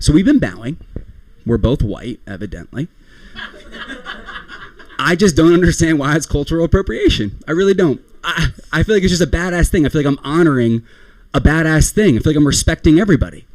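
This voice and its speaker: A man's voice: fairly high pitch, expressive, a little fast, a little mellow, no room sound. A young man performing a rambling, self-deprecating stand-up comedy set, often laughing at his own jokes.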